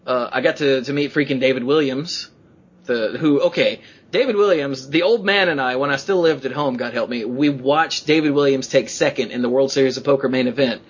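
A man hosting a podcast, chatting casually and telling excited stories in which he acts out quotes in a rising voice. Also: mid-range voice, fairly quick, slightly rough, highs cut off. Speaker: podcast host.

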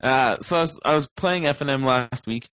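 A man's voice: mid-range voice, moderate pace, fairly bright tone, clear, resonant tone, dry recording. A man co-hosting a podcast, rambling through a story with many fillers and restarts. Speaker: podcast co-host. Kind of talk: casual chat.

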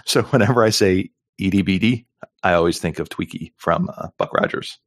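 A man's voice: low voice, brisk, dry recording, studio quality. A middle-aged man co-hosting a podcast in casual chat, jokey and rambling with lots of fillers. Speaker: podcast co-host.

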